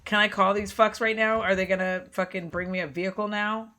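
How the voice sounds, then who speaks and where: A woman's voice: medium pitch, little pitch movement, brisk, bright, forceful tone, faint music behind. A woman chatting over her gameplay in a loose, unscripted way. She swears freely and laughs often, with plenty of exasperated asides. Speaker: game streamer. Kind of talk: casual gameplay commentary.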